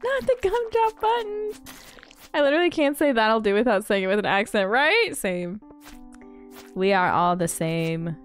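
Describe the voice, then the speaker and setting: A young woman streaming a farming game, chatting casually with her viewers, bubbly and quick to laugh. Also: medium pitch, expressive, clean tone, soft background music. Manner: bubbly and giggly, quoting movie lines. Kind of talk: casual gaming stream chat.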